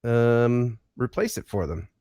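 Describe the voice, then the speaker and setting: A man's voice: medium pitch, takes it slowly, gravelly, dark tone, dry recording, studio quality. A man guesting on a live stream, joking playfully in casual chat over a video call. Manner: jokey, playful, mock-Australian quips.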